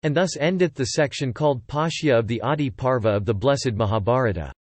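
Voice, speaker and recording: A man reading an old epic translation aloud as scripted narration, in an even, measured way. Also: medium pitch, no room sound. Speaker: audiobook reader.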